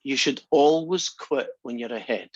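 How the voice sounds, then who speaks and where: A man's voice: mid-range voice, normal speed, darkish tone, dry recording. A male math instructor giving a casual classroom lecture, chatty and joking as he talks through the steps. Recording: dry, dull lo-fi lecture recording.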